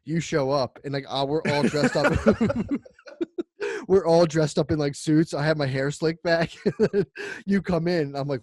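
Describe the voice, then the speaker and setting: A man co-hosting a casual comedy podcast, rambling and laughing as he pitches a bit, acting out the voices. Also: steady tone, measured pace, darkish tone, dry recording. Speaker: podcast co-host.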